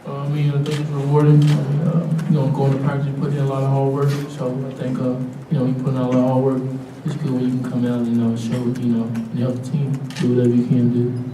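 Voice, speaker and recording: A young college basketball player answering press questions in a plain way, often repeating "like I said". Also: male voice, medium pitch, monotone, fast talker. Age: young adult. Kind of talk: post-game press conference answers. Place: press room after a game. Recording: roomy echo, mic far off, background noise.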